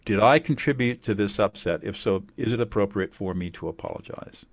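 A man's voice: lowish voice, brisk. A man being interviewed as a mediator, explaining ideas emphatically and repeating key phrases. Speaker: attorney and mediator guest. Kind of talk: interview answers.

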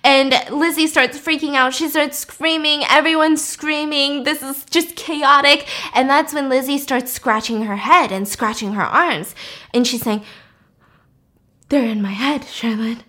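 A young woman casually retelling a movie plot, acting out each character's lines with lively swings and swearing. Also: high-pitched, measured pace. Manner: animated, acts out characters' lines, laughs and swears.

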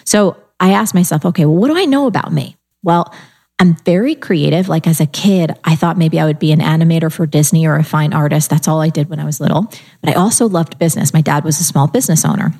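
This middle-aged woman talks fast in a low-pitched voice while sharing her life story in relaxed conversation, bringing it to life by acting out her own thoughts and the people she quotes.

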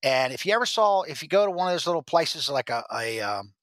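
A man as the podcast guest, telling rambling stories with halting restarts. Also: fairly high pitch, animated, fairly bright tone, dry recording. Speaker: guest, former drug agent. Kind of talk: storytelling interview.

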